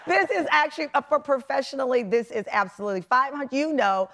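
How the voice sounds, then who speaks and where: High-voiced effusive woman talk show host. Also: lively intonation, quick pace, a bit bright. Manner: effusive, emphatic, laughs often. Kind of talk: casual interview chat. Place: TV studio with live audience.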